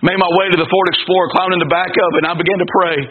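High-voiced preacher over tinny radio. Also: male voice, level tone, rapid-fire. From North Carolina. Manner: emphatic, storytelling, calls for amens. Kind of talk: sermon testimony. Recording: lo-fi phone-like radio broadcast with congregation noise.

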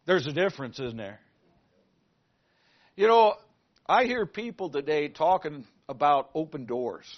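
A male pastor preaching a sermon, asking the congregation questions and moving between loud emphasis and quiet asides. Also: a little high, lively intonation, measured pace, dull audio.

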